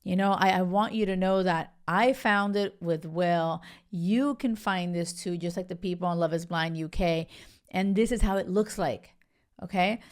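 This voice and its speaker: A woman's voice: on the low side, moderate pace. A young woman hosting a podcast, chatting casually and gushing, full of "like" and "you guys". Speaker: podcast host. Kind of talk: casual chat reviewing a reality show.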